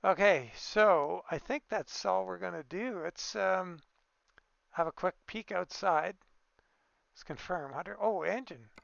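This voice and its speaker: Gravelly man casually narrating gameplay. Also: sits high, takes it slowly, a bit bright, no room sound, lo-fi sound. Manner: easygoing, thinking aloud with fillers and small exclamations. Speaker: gaming video creator.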